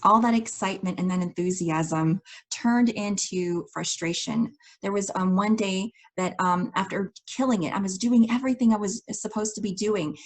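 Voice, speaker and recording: A woman coach telling a personal story in an enthusiastic, expressive way, laughing often and acting out her past conversations. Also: medium pitch, normal speed. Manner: acts out her own past dialogue. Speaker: life coach.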